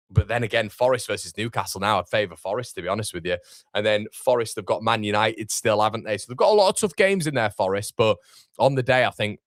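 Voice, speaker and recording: A man's voice: lowish voice, fairly bright tone, no echo, clean studio sound. Chatty man hosting a football stream. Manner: chatty, informal, reads viewer comments aloud. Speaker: football watchalong host. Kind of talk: live-stream chat reading comments.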